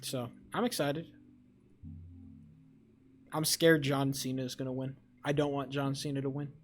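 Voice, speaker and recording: A young man chatting on a live stream, rambling and excitable with lots of swearing. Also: medium pitch, normal speed, soft background music. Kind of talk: casual live-stream chat.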